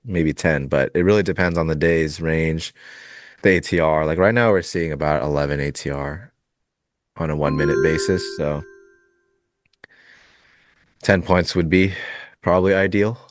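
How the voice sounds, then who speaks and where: A man's voice: very deep voice, moderate pace, pauses often. A man trading futures on a live show, chatting casually and laughing often. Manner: relaxed, rambling, laughs often. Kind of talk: casual live-stream chat while trading.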